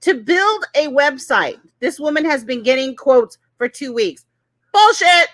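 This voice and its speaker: A woman's voice: high-pitched, lively intonation, unhurried, a bit bright, no room sound. A woman co-hosting a casual commentary chat, blunt and mocking, laughing often. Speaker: co-host.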